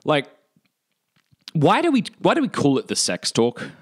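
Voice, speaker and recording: A man giving parenting advice in a casual, animated talk to listeners. His pitch often jumps up when he quotes what he said. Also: unhurried, husky.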